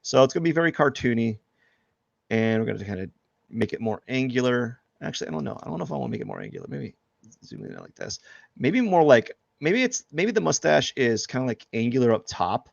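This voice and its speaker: Rambling man with a gravelly voice. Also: medium pitch, sing-song, brisk, dry recording, muffled recording. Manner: rambling, self-deprecating, joking. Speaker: artist streaming live drawing. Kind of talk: casual live-stream chat while drawing.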